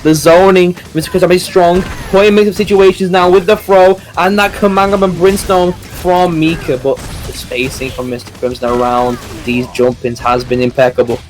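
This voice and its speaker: A man giving rapid play-by-play commentary on a fighting game match. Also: high-pitched. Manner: rapid play-by-play, rising excitement. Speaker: esports commentator.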